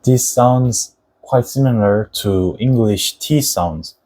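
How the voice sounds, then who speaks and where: A young man whose first language is Korean patiently explains the Korean alphabet in a lesson, modeling Korean words slowly and deliberately. His voice is mellow and medium-pitched, and the recording is low quality.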